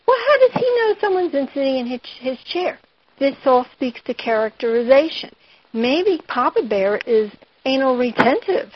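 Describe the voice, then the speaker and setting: A woman's voice: fairly high pitch, muffled recording. A woman teaching a writing lesson, asking her students questions and retelling a fairy tale to show them craft. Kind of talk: lecture on fiction writing.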